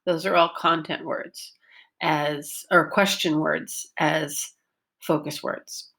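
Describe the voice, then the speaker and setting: A woman teaching a pronunciation lesson, speaking slowly and carefully and drawing out words to show pitch changes. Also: steady tone, vocal fry, a bit bright. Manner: slow and deliberate, stretches words to show pitch. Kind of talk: slow, careful classroom lesson.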